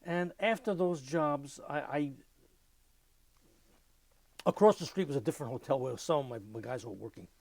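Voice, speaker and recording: An older man giving an oral history interview, telling lively anecdotes and mimicking music with his voice. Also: a little high, vocal fry, no room sound.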